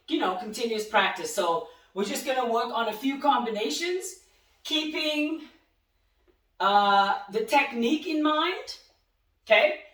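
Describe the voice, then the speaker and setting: A woman's voice: medium pitch, fairly bright tone, echoey room, far from the mic, poor audio. A woman teaching a beginner boxing class, calling out punch combinations and encouraging the class while out of breath. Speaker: boxing fitness instructor. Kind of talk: live workout class coaching.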